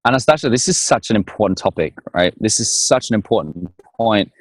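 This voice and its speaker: A man speaking as a guest in a conversation, telling stories in a playful, animated way and acting out little scenes. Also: lowish voice, a little fast, dry recording. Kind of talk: conversational storytelling.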